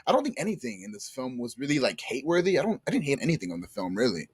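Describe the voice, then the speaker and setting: Husky-voiced, easygoing male podcast co-host. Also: mid-range voice, big pitch swings, rapid-fire. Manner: easygoing, laughs often, stammers. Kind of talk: casual movie review chat.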